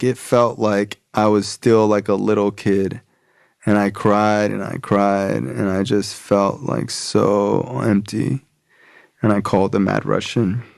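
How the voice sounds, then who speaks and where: A man's voice: on the low side, vocal fry, no echo, studio quality. A man, a podcast guest, telling a personal story in a casual, loose way, full of "like" and "bro". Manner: casual, relaxed, frequent "like" and "bro".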